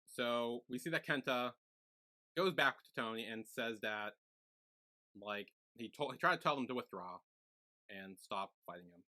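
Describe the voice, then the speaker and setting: A man's voice: medium pitch, unhurried, long pauses, sharp tone. A man co-hosting a podcast, casually recapping a series episode, rambling with many "like"s as he retells scenes. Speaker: podcast co-host.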